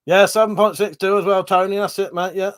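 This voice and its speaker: A man's voice: high-pitched, fairly even intonation, fairly quick, clear, resonant tone. A man with a cold, sniffling and coughing, hosting a casual live stream where he reads out viewer comments, swearing and laughing often.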